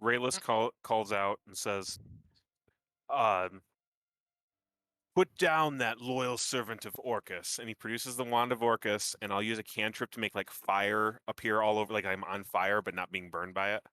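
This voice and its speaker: A man playing in a tabletop game, excitable and swearing freely as he describes his character's actions. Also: fairly low pitch, moderate pace, dry recording. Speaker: player. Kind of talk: casual game chat.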